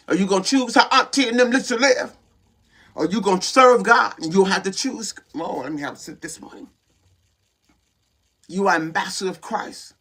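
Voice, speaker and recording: A man delivers a sermon in a high-pitched voice. His tone is bright and forceful. He presses his points with fervent, repeated call-outs to the congregation. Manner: fervent, repetitive exhortations with call-outs to listeners. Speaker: preacher.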